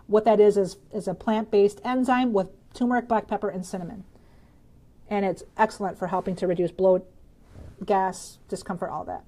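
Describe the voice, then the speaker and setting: Speaking at a normal speed with a steady, warm, medium-pitched voice, a Michigan woman hosts a casual live stream. She's bubbly and talkative, reading viewer comments aloud and fielding health questions while laughing often.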